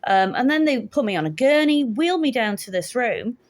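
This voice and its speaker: A woman's voice: on the high side, very animated, normal speed. A woman in her fifties telling a stressful story in a casual, candid way, with dry humour, acting out each exchange as she goes. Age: 50s. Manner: candid, wry, acts out the dialogue. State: shaken, stressed. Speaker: vlogger.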